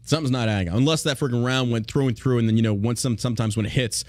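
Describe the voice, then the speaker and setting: A man's voice: medium pitch, racing, no echo. Blunt, profane man ranting on a podcast. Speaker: podcast host. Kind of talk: casual podcast rant.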